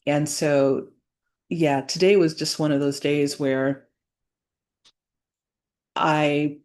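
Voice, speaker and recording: A woman speaking to camera in a reflective personal vlog, earnest and halting, with many fillers and restarts. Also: low-pitched, level tone, darkish tone. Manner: earnest, faith-centered. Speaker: business owner vlogging.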